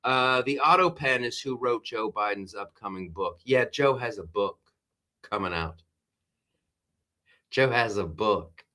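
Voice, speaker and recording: A man's voice: lowish voice, measured pace, long pauses, pushed and bright. A man hosting a live stream, talking politics in a rambling, exasperated way with many restarts while reading viewer comments. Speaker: host.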